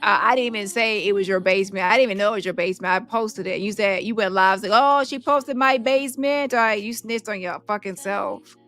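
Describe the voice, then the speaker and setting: Speaking quickly in a steady, medium-pitched, slightly bright voice, a livestream host confronts and taunts a rival, then talks straight to her viewers. Faint music sits under her heated reactions.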